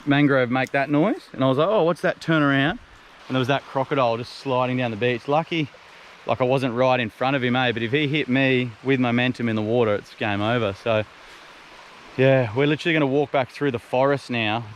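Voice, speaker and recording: A young man fishing and filming outdoors on a mangrove beach, talking casually and exclaiming loudly when excited. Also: mid-range voice, a little fast, a little hiss or hum. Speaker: fishing adventure vlogger. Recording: background music over outdoor audio.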